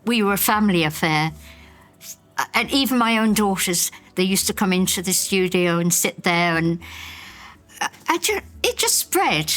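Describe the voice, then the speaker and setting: Older woman, former broadcaster, reminiscing, lively storyteller, faint music underneath. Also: medium pitch, normal speed. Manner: animated storyteller, acts out voices in anecdotes. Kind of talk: reminiscing interview.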